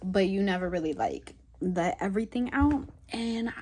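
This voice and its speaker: A woman's voice: medium pitch, lively intonation, moderate pace, a little mellow. Woman, spiritual vlogger, candid chat, rambling and heartfelt, faint background noise. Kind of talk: candid reflective chat to camera.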